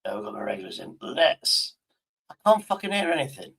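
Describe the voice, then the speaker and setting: A man's voice: medium pitch, very animated, brisk, creaky, fairly bright tone, breathy edge. A man livestreaming in casual chat, rambling to himself and swearing constantly.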